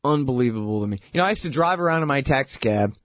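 A man hosting a talk show, giving a sarcastic, animated political monologue that is full of mocking impressions. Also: very fast. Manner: animated, rising pitch when exasperated. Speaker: radio host.

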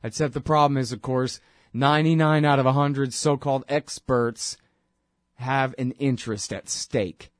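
A man's voice: mid-range voice, fairly even intonation, moderate pace, no echo, clean studio sound. A man hosting his own talk show, delivering a sarcastic, ranting political monologue full of mocking asides. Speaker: radio show host.

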